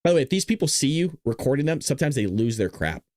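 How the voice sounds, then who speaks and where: A man's voice: mid-range voice, sing-song, quick pace, a little mellow, no echo, studio quality. A man hosting a podcast, talking casually and rambling to viewers while he plays his own video clips. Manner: rambling, talks straight to viewers. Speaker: podcast host.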